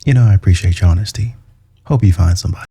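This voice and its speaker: A man's voice: deep voice, rapid-fire, dark tone, breathy edge. A man hosting a reaction channel, giving blunt, lecturing commentary on clips.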